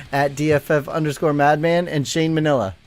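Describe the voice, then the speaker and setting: A man hosting a podcast in casual chat, upbeat and quick to giggle. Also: fairly high pitch, steady tone, soft background music. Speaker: podcast host.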